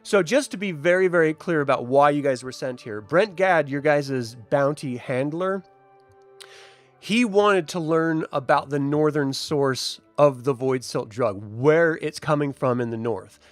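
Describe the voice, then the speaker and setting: A man running a tabletop game as storyteller, narrating scenes in a relaxed, chatty way with frequent fillers. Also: on the high side, a little slow, faint music behind. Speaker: game master.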